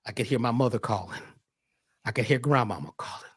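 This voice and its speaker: A man as a podcast guest talking casually in an animated, preachy way, often repeating words as he starts a thought. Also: medium pitch, fairly quick, slightly rough, no echo, clean studio sound.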